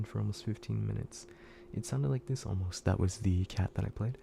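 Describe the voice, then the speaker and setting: A man's voice: fairly low pitch, fairly even intonation, brisk, gravelly, mellow, slight background noise. A man streaming, narrating a scary story in a casual, profane, laid-back way with frequent restarts.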